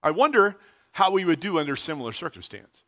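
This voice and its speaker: A man's voice: fairly high pitch, sing-song, a little fast, a bit bright. A middle-aged man preaching a sermon in a conversational way, asking rhetorical questions and repeating key phrases. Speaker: pastor.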